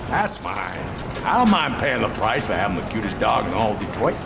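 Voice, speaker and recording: Rambling citizen, gravelly, lively pitch, loud music behind. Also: male voice, normal speed, heavy background noise. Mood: earnest. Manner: rambling, earnest complaint. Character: chatty male citizen, proud dog owner.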